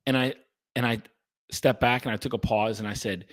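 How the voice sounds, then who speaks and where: Guy doing a podcast monologue, blunt and emphatic, swears a lot, mid-pitched voice, dry close sound. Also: steady tone, normal speed, dry recording. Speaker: podcast host and coach. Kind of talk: casual monologue to listeners.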